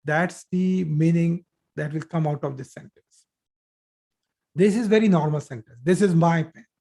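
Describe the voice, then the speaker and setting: A man leads a live online Arabic grammar lesson, explaining each point patiently. He repeats example sentences and pauses often with fillers and restarts. He speaks into a computer mic on a video call. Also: fairly high pitch, warm tone. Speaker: Arabic teacher.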